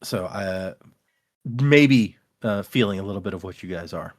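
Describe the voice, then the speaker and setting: A man's voice: deep voice, expressive, normal speed, no room sound, clean studio sound. A man hosting a casual podcast, reading listener emails aloud and laughing easily. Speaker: podcast host.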